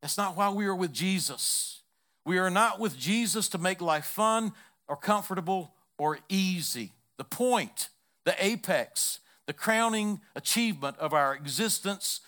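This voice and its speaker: A male preacher with a bright, forceful tone and a slightly high voice. He builds long, emphatic lists and often drops suddenly to a hush. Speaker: pastor. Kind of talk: sermon.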